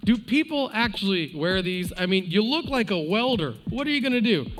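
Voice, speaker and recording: A man's voice: sits high, sing-song, brisk, fairly bright tone, faint music behind. A man hosting a live esports stream, bantering and joking with his co-host. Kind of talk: casual live-stream commentary.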